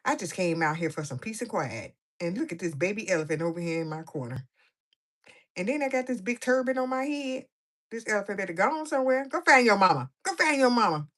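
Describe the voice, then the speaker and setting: A woman's voice: mid-range voice, animated, fairly quick, a bit bright, natural voice. A woman voicing a fed-up grown woman who grumbles and complains about her situation. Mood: grumbling. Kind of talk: playful voiced commentary.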